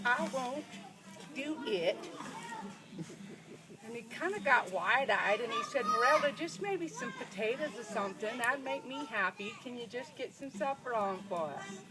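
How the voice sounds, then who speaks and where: A woman playing a folksy, plainspoken rural storyteller, telling a comic tale with drawling, giggling asides. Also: on the high side. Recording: noisy recording.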